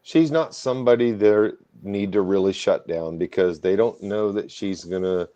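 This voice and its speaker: A low-pitched man with a dark, mellow voice, chatting casually on a podcast and laughing easily. The sound is dry and a bit dull, like a lo-fi recording. He takes the other side of the argument for fun. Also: moderate pace. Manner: relaxed, laughs easily, plays devil's advocate. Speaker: co-host.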